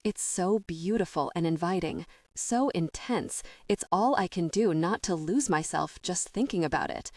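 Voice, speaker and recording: A woman's voice: lowish voice, lively intonation, moderate pace, few pauses, a little mellow, dry recording. A woman voicing a commanding male lover. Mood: intimate. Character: intense commanding man, a Navy SEAL lover.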